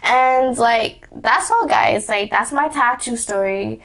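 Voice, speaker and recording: A woman's voice: a little high, slow, fairly bright tone. Rambling young woman telling a story. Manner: rambling, lots of "like" and restarts, giggly. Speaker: vlogger. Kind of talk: casual storytime chat.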